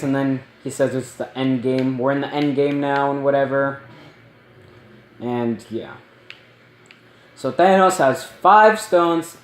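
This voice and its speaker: A man giving a casual spoiler movie review, rambling and excitable, with lots of ums and likes. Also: a little high. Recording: roomy echo.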